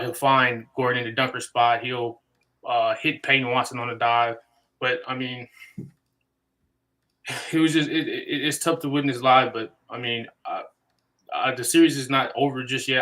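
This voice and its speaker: A man's voice: medium pitch, bright, forceful tone, low-quality recording. A man co-hosting a live basketball podcast, talking it over casually and restarting his sentences often. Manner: restarts and repeats words often. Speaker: podcast co-host. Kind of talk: casual sports talk.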